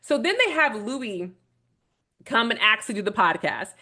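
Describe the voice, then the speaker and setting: A woman with a fairly high voice, speaking at a moderate pace, hosts a casual video commentary reviewing a documentary. She rambles through her points bluntly, with strong opinions and plenty of swearing. Her delivery is animated as she retells things, often restarting mid-thought.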